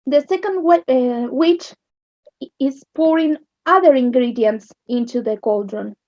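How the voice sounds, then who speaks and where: A woman with an Argentine accent teaching English literature, explaining slowly and checking understanding with "yes?". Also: high-pitched, no echo. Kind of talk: recorded online lesson. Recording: dull lo-fi sound.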